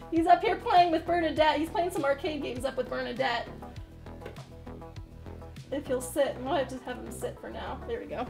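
A woman's voice: high-pitched, a little fast, gravelly, soft background music. A woman chatting with viewers on a crafting livestream, bubbly and giggly, often laughing as she talks. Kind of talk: casual crafting livestream chat.

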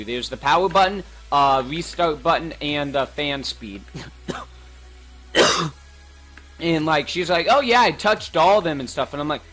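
A man's voice: a little high, fairly bright tone. A teenage boy casually talking over his gameplay, rambling with lots of fillers and restarts. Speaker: gaming channel host. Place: bedroom at home.

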